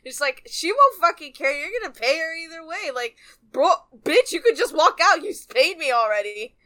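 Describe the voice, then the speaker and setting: A woman's voice: high voice, sing-song, moderate pace, fairly bright tone. A woman co-hosting a casual book podcast, ranting with exasperation about the story. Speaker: podcast co-host. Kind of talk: casual book-club chat.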